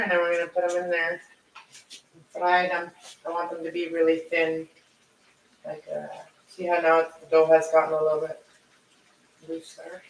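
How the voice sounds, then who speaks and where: Male home-cooking vlogger, rambling and self-correcting, slightly higher voice, recorded far from the mic with a faint noise floor. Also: a bit bright. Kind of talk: casual live-stream chat while cooking. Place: home kitchen. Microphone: camera set away from the stove. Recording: echoey kitchen, distant camera mic, faint noise.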